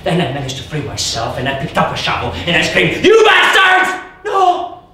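A man doing theatrical solo storytelling, expressive and emotional, in the first person. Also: mid-range voice, fast, a little hiss or hum. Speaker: stage performer. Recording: echoey hall from far off.

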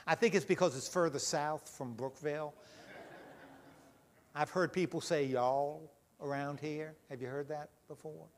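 A man leading a children's talk in church, gentle and full of questions. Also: fairly high pitch, fairly even intonation, a little slow. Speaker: pastor leading a children's message. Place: church sanctuary.

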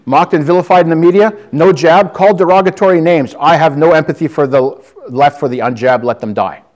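A man's voice: on the high side, a little fast, darkish tone. A man preaching defiantly to a congregation, calling listeners brother and sister. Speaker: lay preacher. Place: church hall with audience.

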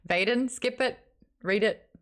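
A woman's voice: a little high, fairly bright tone. A woman hosting a live book club stream, chatting casually, teasing and laughing often. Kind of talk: casual chat.

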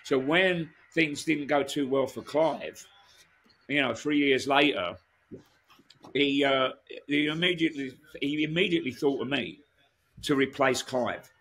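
A man's voice: mid-range voice, measured pace, fairly bright tone, slightly rough. A man, a guest musician telling rambling stories in a casual interview, full of restarts and asides.

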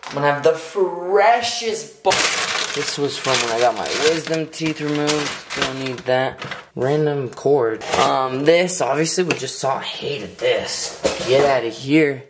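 A man's voice: medium pitch, a little slow. A young man vlogging casually in his bathroom, joking and self-conscious as he rambles. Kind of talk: casual vlog chat. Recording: echoey bathroom, faint noise.

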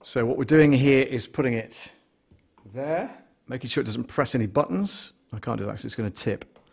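A man's voice: mid-range voice, moderate pace, creaky, husky. A man hosting a casual live stream, thinking aloud as he sets up gear and counts numbers into a close desktop condenser mic in a small studio. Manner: rambling, thinks aloud while setting up gear. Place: small studio with a mixing desk. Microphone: desktop condenser microphone, close.

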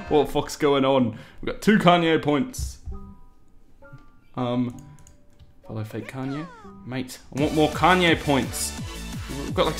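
A man giving casual, jokey let's-play commentary, swearing freely and reading lines aloud in mock-dramatic bursts while typing on a loud mechanical keyboard. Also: a little high. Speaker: gaming YouTuber. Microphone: desk mic beside a loud mechanical keyboard.

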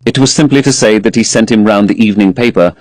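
A low-voiced man reads a classic novel aloud at a measured pace. His narration is expressive and close to the mic, in a dry room with no echo. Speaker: audiobook narrator. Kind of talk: audiobook reading of a classic novel.

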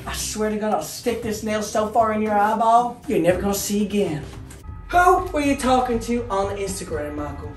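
A man voicing a brash, foul-mouthed middle-aged wife in a parody sketch, shouting and cursing. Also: high voice, expressive, normal speed. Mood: furious. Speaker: comedian. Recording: roomy echo, mic far off, loud music.

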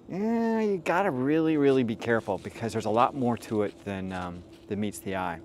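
A man's voice: fairly low pitch, brisk, a little hiss or hum. A middle-aged man giving dating advice as a host, telling stories in a casual, rambling way with frank, profane asides and many fillers. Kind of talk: casual storytelling monologue.

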